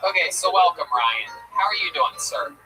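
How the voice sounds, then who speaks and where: A man's voice: on the high side, animated, normal speed, far from the mic, music in the background, rough recording. A man hosting a comedy show who roasts and interviews a new comic in a brash, profane way. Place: comedy club stage.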